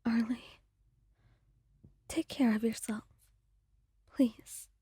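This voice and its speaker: A woman playing a dying partner whose voice is fading, faint and tender in a breathy whispered role-play. Slow and warm, recorded close and dry. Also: fairly high pitch, fairly even intonation, no echo, exaggerated voice.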